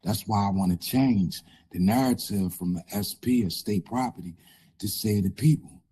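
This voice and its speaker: Low raspy man, halting and reflective. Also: mellow. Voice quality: raspy, changed voice. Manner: halting, many fillers and pauses. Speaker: guest. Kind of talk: reflective interview storytelling.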